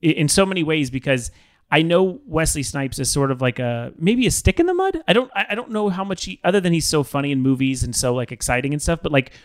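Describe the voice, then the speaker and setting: A man's voice: fairly high pitch, expressive, fast talker, no echo, clean studio sound. A man co-hosting a podcast, chatting casually and rambling with self-doubting restarts. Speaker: podcast co-host. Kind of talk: casual chat.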